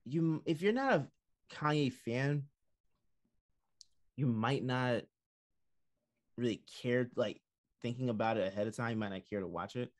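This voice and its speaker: A man's voice: mid-range voice, measured pace, long pauses. A man co-hosting an entertainment podcast, talking casually and animatedly with lots of fillers. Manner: animated, filler-heavy storytelling. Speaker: podcast co-host. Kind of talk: casual chat.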